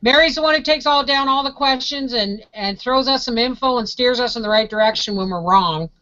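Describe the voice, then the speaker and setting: A woman's voice: on the high side, a little fast, pushed and bright, dull audio. A woman co-hosting a homestead live show, bubbly and talkative in casual chat.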